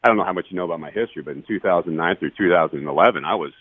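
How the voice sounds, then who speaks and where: A man's voice: deep voice, racing, dry recording. A man in his forties, a retired ballplayer guesting on a podcast, telling his story bluntly and earnestly with plenty of swearing. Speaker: guest, retired baseball player. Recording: dry, tinny phone-line sound.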